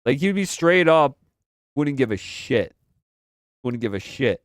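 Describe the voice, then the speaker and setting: A man's voice: medium pitch, animated, measured pace, no room sound, clean studio sound. A young man hosting a live stream, chatting casually about games and movies, rambling and repeating himself in slangy talk. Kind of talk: casual pop-culture commentary.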